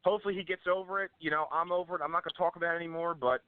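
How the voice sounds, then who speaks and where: Brief: fairly high-voiced man, aggrieved and stammering, casual talk-show guest, narrow phone-line sound. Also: fairly even intonation, very fast, a little hiss or hum. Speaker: podcast guest. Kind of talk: casual chat.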